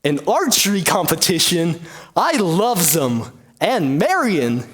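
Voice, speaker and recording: A man's voice: on the high side, sing-song, takes it slowly, fairly bright tone, full character voice. A man playing a cocky, dim-witted outlaw who talks in rustic slang.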